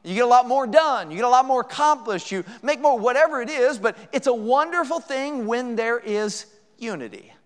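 A man's voice: very high-pitched, expressive, normal speed, long reverb tail. A man preaching a sermon as a guest preacher, folksy and joking, with many rhetorical questions. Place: church sanctuary.

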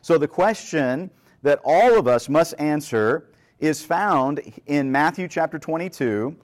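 This male preacher's voice is a little high, with lively intonation and a measured pace. Reading from scripture, he unpacks it in a conversational way, asking the congregation rhetorical questions and repeatedly adding "right?".

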